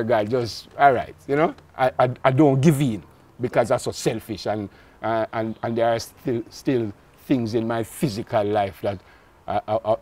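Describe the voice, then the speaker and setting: A man's voice: mid-range voice, dark tone. A man, a guest talking earnestly in a candid conversation and repeating words as he searches for them.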